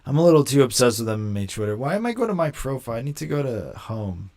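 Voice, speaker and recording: A young man hosting a casual live stream, talking in a slangy, rambling way and quick to mock. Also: mid-range voice, sing-song, darkish tone. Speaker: livestream host.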